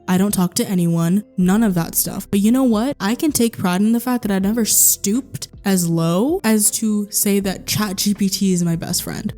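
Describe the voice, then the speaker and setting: A young woman rants to the camera in a vlog, exasperated and animated, throwing out rhetorical questions with the odd swear. Her voice is mellow and relaxed in tone, not sharp. Soft music plays faintly underneath. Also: medium pitch. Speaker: YouTuber. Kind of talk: commentary rant vlog. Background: soft background music.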